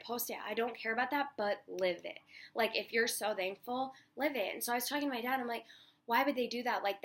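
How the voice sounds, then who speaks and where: A young woman vlogging outdoors on a beach as she walks, talking casually with a steady stream of "like" and acting out what other people said. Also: fairly high pitch. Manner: chatty, heavy use of "like", acts out quoted people. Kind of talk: casual personal vlog.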